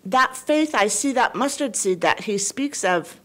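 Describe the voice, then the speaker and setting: A woman calls in to a radio show and talks through tears. She is halting and emotional, often restarting her sentences. Her pace is unhurried, and her voice sits at an ordinary pitch for a woman. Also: animated. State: crying. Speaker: caller. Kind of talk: call-in conversation.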